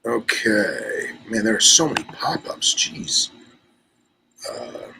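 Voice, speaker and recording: A man's voice: on the low side, huge pitch swings, takes it slowly, vocal fry, pushed and bright, breathy edge, poor audio. A man co-hosting a casual podcast chat, a little congested and nasal, rambling through stories and reading an article aloud. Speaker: podcast co-host.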